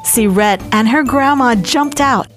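A woman's voice: on the high side, measured pace. A woman podcast host narrating a comic fairy tale with irreverent, wry asides. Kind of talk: comedic storytelling. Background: faint music.

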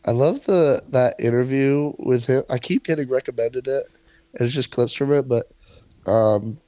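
A man's voice: medium pitch, moderate pace, warm tone, no room sound. Man co-host, playful giggly banter, mid voice, dry close sound. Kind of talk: casual crude banter.

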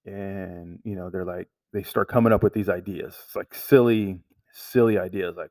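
A man telling a story about work in casual conversation, halting and restarting, with lots of "like" fillers. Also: deep voice, steady tone, mellow, no echo, distant mic.

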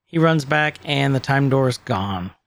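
A man co-hosting a podcast, recapping a show in casual chat, animated and quick to laugh, acting out quotes. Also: medium pitch, no echo. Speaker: podcast co-host.

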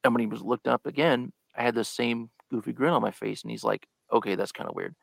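A man's voice: medium pitch, fast talker, creaky, no room sound. A man chatting as a guest on a live podcast, telling a story and acting out the lines he quotes. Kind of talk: casual live podcast chat.

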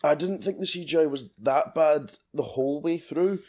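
A man's voice: on the high side, lively intonation, moderate pace, darkish tone. A man co-hosting a podcast, giving blunt opinions with casual swearing. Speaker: podcast co-host. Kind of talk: casual film chat.

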